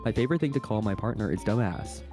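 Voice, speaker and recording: A man's voice: on the low side, fast, mellow. A man as a guest in a casual chat, telling stories animatedly, laughing and swearing often. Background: background music.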